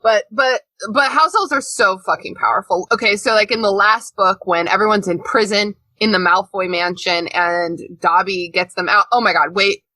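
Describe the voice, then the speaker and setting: A woman co-hosts a casual podcast chat, animated and prone to laughing and swearing. Her voice is bright and close to the mic in a dry room. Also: mid-range voice, normal speed, hardly any pauses, dry recording. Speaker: podcast co-host.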